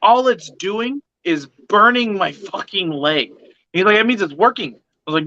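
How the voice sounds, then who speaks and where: A man's voice: high-pitched, expressive, moderate pace, bright, forceful tone, highs cut off. A man telling a long profane story at an open mic, rambling with many fillers and acting out the other people's lines.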